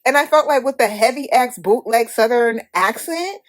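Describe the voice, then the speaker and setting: A Haitian-American woman hosting a podcast, giving a blunt, profane, animated movie review in casual talk. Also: a little high, moderate pace, noisy background. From United States. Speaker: podcast host.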